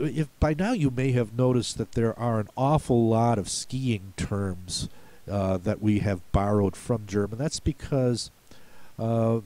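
This spelling bee coach from the United States has a fairly low, warm voice. He goes through how words are pronounced for a spelling lesson, patient and folksy, one step at a time.

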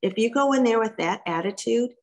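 Lively woman coaching a workshop. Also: a little high, brisk. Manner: lively, direct, folksy coaching. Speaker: guest speaker. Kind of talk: workshop presentation.

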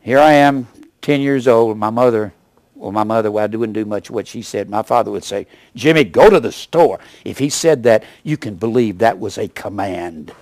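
A man in his seventies preaching a sermon as pastor, with emphatic rises and sudden low asides. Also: moderate pace, no room sound. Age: 70s. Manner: emphatic preaching, rising to loud punches then dropping low.

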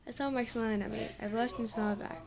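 A woman's voice: fairly high pitch, steady tone, fast talker, vocal fry, crowd noise. A woman reading a fan story aloud, often tripping over words and correcting herself, with exasperated asides. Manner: stumbling reading with frequent self-corrections; breaks off into laughing, exasperated asides. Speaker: story reader.

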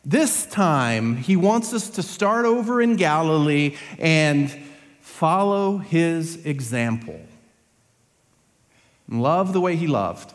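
A man's voice: fairly high pitch, big pitch swings, slow pace. A man preaching a Sunday sermon in a church, earnest and building to emphatic peaks. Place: church sanctuary. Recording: long church hall reverb.

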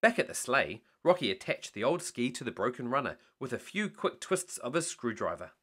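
Male storyteller, bedtime read-aloud, bright and animated. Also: medium pitch, moderate pace, slightly rough. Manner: animated reading.

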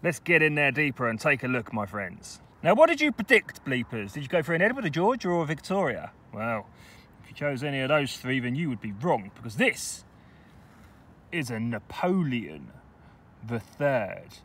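A man talking casually to camera while metal detecting outdoors, chatty and excitable about his finds. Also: mid-range voice, normal speed, husky. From England. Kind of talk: casual vlog commentary. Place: outdoors in a wet field.

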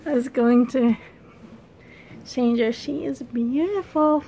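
A woman vlogger chatting casually as she shows off a doll's clothes, gushing and soft-spoken. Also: high-pitched, slight background noise. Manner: gushing, slow, breathy asides. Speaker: reborn doll collector vlogger. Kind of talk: casual show-and-tell vlog.

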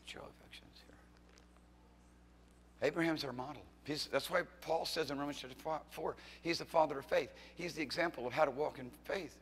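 A middle-aged man preaching as pastor in a church sanctuary, his fairly high voice ringing with a long reverb tail. He swings between loud, fiery exhortation and sudden hushed asides, pressing the congregation with teasing questions. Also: fast, few pauses, slight background noise.

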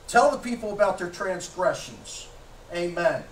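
A man preaching a sermon as pastor, emphatic, firing rhetorical questions at the congregation and shouting at times. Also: high voice, lively intonation, moderate pace, a little hiss or hum. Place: church sanctuary. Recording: echoey church from a distance.

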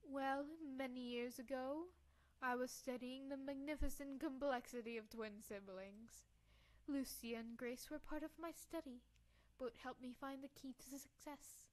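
A woman's voice: high voice, fairly even intonation, unhurried. A woman putting on a cold, smug old doctor. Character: sinister old man, cold and calm doctor.

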